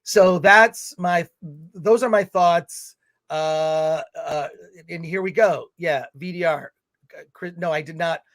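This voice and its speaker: Guy with a high voice ranting on a film livecast, reading chat comments out. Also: slow. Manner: animated, ranting, reads viewer comments aloud. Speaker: podcast co-host reading chat.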